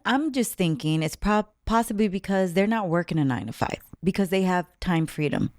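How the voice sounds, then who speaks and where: A woman tells a personal story in a casual, animated way. Her voice sits low, and she sometimes drops into a whisper to act out what others said. The recording is dry and close. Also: brisk, no room sound. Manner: animated storyteller, acts out overheard quotes in whispers. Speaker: spiritual vlogger.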